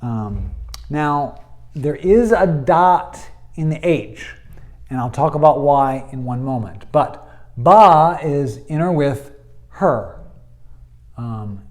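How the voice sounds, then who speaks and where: A man teaches a Hebrew grammar lesson. He talks slowly and patiently, at a mid pitch. He fills his explanations with ums and uhs. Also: lively intonation, darkish tone. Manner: patient, explanatory, many fillers.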